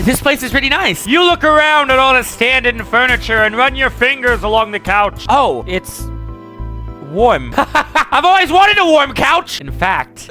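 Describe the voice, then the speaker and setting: A young man doing game playthrough commentary, reading the story aloud with joking, excitable outbursts. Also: sits high. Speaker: gaming YouTuber.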